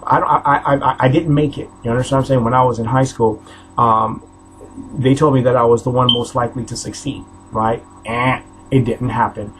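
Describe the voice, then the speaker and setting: A man's voice: mid-range voice, fairly even intonation, fairly bright tone, a little hiss or hum, rough recording. A man in his forties from New York State gives an impassioned warning sermon to the camera. He repeats himself and stammers through restarts. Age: 40s. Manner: repetitive, halting, stammering restarts, preaching cadence. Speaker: self-styled preacher.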